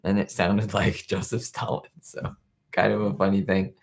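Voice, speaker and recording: A man's voice: on the low side, level tone, normal speed, creaky. A young man hosting a casual live-stream commentary, chatting in a rambling way and reading viewer comments aloud. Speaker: show host. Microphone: webcam live stream.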